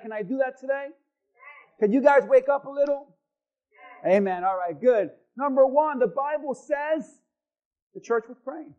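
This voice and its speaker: Pastor, man, very high voice, fiery sermon with sudden drops to quiet, muffled lo-fi sound. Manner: swings from loud shouting to quiet asides. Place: church hall with congregation.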